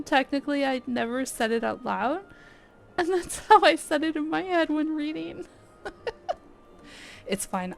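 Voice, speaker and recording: A woman's voice: high-pitched, gravelly, slight background noise. A woman from Texas streaming a game, chatting casually and laughing at herself often. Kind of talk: casual chat while playing.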